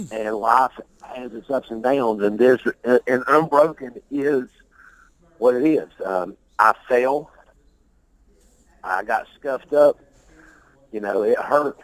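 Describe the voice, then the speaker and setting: A man's voice: medium pitch, takes it slowly, long pauses, no room sound, rough recording. Dry-voiced rambling musician man. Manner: loose, rambling, profane, repeats words and laughs easily. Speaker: musician, interview guest. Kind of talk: casual interview talk.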